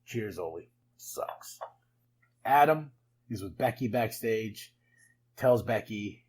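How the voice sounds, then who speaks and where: A man hosting a podcast, recapping wrestling in a casual, excitable way with frequent laughs and chatty asides. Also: on the low side, takes it slowly, long pauses, a little hiss or hum, poor audio. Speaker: podcast host.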